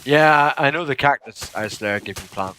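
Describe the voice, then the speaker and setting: A young man giving casual live commentary while he plays a game, excitable and laughing often as he chats to viewers. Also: medium pitch, normal speed, slight background noise. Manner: excitable, giggly, chatting to viewers. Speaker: gaming streamer.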